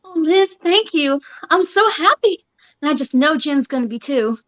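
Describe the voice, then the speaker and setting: Woman doing a gushing young bride, very high voice, dull dry lo-fi sound. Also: animated, normal speed, fairly bright tone, no echo. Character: sweet, eager young bride-to-be daughter.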